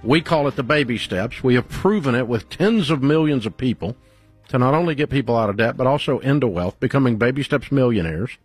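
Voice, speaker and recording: A man's voice: medium pitch, animated, brisk, breathy edge, no echo, faint music behind. Emphatic man hosting call-in radio. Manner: emphatic, salesy delivery. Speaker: radio show host. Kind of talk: call-in radio advice and ad read. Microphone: studio mic.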